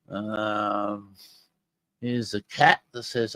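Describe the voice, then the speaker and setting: An older podcast host with an animated, mid-range voice speaks at a measured pace. He eagerly chats with listeners directly while bringing in audio clips.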